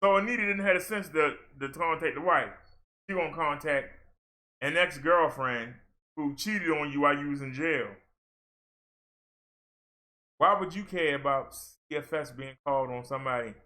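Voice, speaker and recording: A man's voice: fairly high pitch, sharp tone. A man with ranting through a commentary vlog, exasperated and scolding. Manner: exasperated, scolding, mocks others in put-on voices. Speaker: commentary vlogger.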